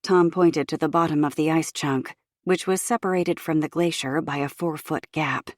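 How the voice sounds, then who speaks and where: A woman narrating an audiobook in a measured, even storytelling manner from a recording booth. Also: deep voice, dry recording, studio quality.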